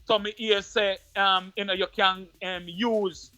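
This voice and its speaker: A man with a Jamaican accent, an interview guest who tells a personal story in patois in an animated way, often repeating his words. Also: sits high, measured pace, clear, resonant tone, no room sound, lo-fi sound, soft background music.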